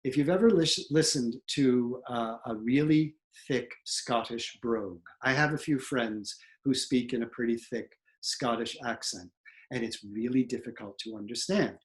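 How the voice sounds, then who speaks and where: A man's voice: medium pitch, measured pace. A middle-aged man, a theatre professor, giving a talk to acting students with frequent ums and repeated words. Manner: explanatory, with fillers and repeated words. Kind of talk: instructional talk.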